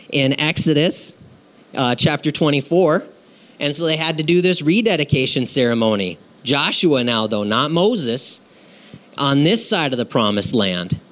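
Conversational male preacher. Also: mid-range voice. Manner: conversational, checks in with listeners; acts out scenes with sound effects. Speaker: pastor. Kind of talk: sermon.

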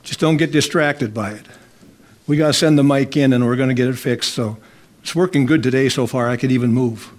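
A man's voice: medium pitch, brisk. A male pastor preaching a sermon in church on a corded mic, fervent and coaxing the congregation to answer back. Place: church sanctuary. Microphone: corded handheld mic.

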